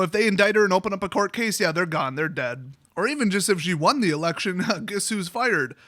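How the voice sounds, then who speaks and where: A man's voice: high-pitched, pushed and bright, dry recording, clean studio sound. A man ranting sarcastically to camera, exasperated and mocking as he talks. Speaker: YouTuber. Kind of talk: political rant.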